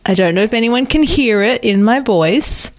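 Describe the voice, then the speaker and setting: A woman's voice: a little high, expressive, normal speed. A woman co-hosting a podcast in an easygoing chat with a friend. She talks freely and often uses fillers as she works through her thoughts. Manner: chatty, lots of fillers. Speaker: podcast co-host. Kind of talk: casual chat.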